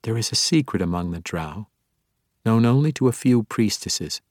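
A man voicing a proud elf priestess woman in an audiobook, speaking in a measured, solemn and formal way. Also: lowish voice, animated, a little mellow, no echo, studio quality, close to an everyday voice.

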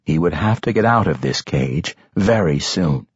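A male audiobook narrator reads fantasy prose in a dramatic, expressive way, his pitch moving widely. The voice has a slightly husky grain. The recording is dry and somewhat dull. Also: a little slow, no echo.

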